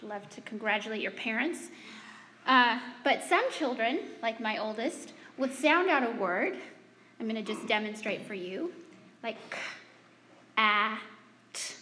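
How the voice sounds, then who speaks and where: A woman's voice: fairly high pitch, animated, moderate pace, bright, forceful tone. A middle-aged woman addressing students and parents in a live speech. She talks in a self-deprecating, humorous, conversational way, with restarts and asides. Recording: echoey hall with long reverb.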